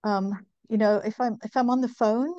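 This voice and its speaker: Mellow-voiced northern English woman. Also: on the high side, steady tone, no echo, dull audio. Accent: northern English, softened by decades in the US. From northeast England. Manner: measured, explanatory, many ums. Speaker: guest, women's health company founder. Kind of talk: interview conversation.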